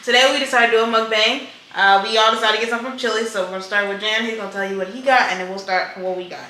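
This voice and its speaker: A woman hosting a casual mukbang chat, talking in a relaxed way with frequent fillers. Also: mid-range voice, rapid-fire. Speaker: host. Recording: roomy echo, faint noise.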